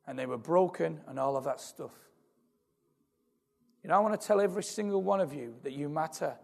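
Guy preaching in church, gravelly, kinda high, repeats himself, echo hangs in the hall. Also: animated, fairly quick, pauses often, darkish tone. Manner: earnest, repetitive, building in intensity. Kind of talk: sermon. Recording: long hall reverb.

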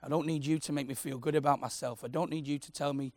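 A man preaching, passionate and personal, swinging from loud declarations to soft, intimate prayer. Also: fairly high pitch, fairly even intonation, fast, no echo. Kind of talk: sermon.

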